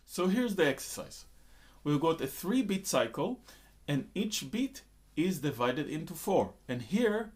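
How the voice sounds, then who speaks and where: Man teaching rhythm, counting syllables aloud. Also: fairly high pitch. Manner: counts in and recites konnakol syllables loudly in time. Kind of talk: instructional lesson with spoken rhythm syllables.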